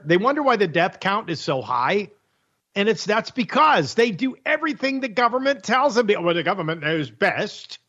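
This radio host has a high, fairly bright, husky voice. He runs a talk show monologue that sarcastically ridicules the news, laughing at his own jokes, and the audio is dull and lo-fi.

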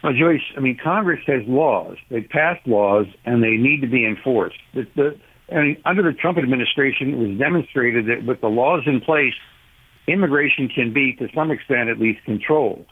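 A man phoning in to a radio show, his husky voice squeezed through a narrow telephone line. He argues forcefully, with sardonic jabs, at a middling pitch. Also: moderate pace. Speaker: caller, policy advocate. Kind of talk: talk radio phone-in. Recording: tinny phone line.

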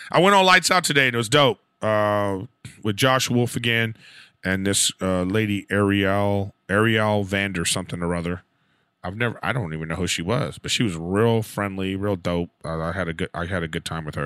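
A man telling a profane, animated story as a podcast host, acting out the voices of the people he quotes. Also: low-pitched, no room sound, clean studio sound. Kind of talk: casual storytelling rant.

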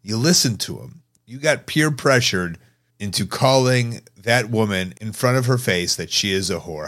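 A male podcast host with a fairly low voice, chatting casually. He comments in a laid-back, wry way and teases his guests. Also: lively intonation, moderate pace, fairly bright tone. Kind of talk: casual chat.

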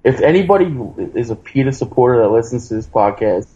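A man's voice: medium pitch, lively intonation, fast talker, dark tone, muffled recording. A man co-hosting a casual comedy podcast, brash and swearing a lot.

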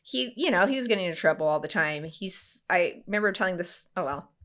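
Woman, 30s, casual storyteller, animated, does voices for the people she quotes. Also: on the low side, brisk. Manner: animated, acts out quoted voices, laughs often.

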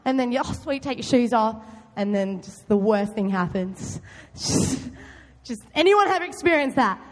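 Loud high-voiced young woman in a hall. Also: lively intonation, a little slow. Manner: loud, chatty, quizzes the audience. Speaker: youth group speaker. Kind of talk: youth talk with stories. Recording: long hall reverb.

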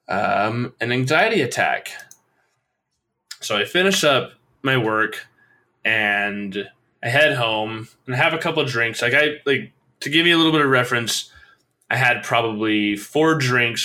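A young man recounts a personal ordeal to a listener in conversation. His voice sits a little low but sounds bright and forceful. He talks haltingly, circling back and restarting his sentences. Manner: halting, many restarts and fillers, recounting intensely. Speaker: guest telling a personal story.

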